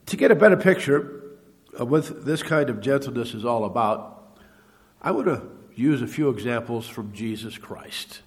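A man delivers a sermon in a measured, teaching way, stopping on fillers and repeating words now and then. His voice sits at an ordinary middle pitch and rings out in a long-reverb church hall. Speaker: preacher.

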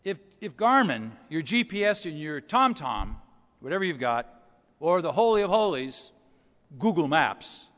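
Storytelling preacher in a reverberant church. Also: male voice, on the high side, very animated, unhurried. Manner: storytelling, swings between soft and loud. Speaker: pastor. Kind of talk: sermon.

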